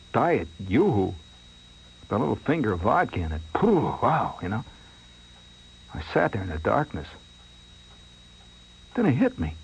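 A man hosting a late-night radio show, telling a rambling, self-mocking story in a theatrical way that swings from hushed to excited. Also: medium pitch, vocal fry, slight background noise, poor audio. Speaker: radio host.

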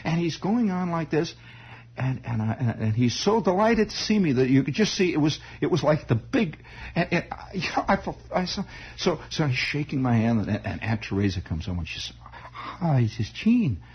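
A man telling a long personal story in a rambling, halting way, full of restarts and wry asides. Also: fairly high pitch, big pitch swings, slightly rough. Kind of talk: comic spoken storytelling.

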